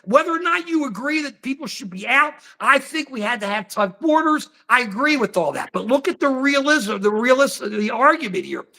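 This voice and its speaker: A man's voice: extremely high pitch, sing-song, normal speed, few pauses, bright, forceful tone. A man hosting a political commentary livestream, ranting and rambling, repeating phrases as he reads out chat comments. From United States.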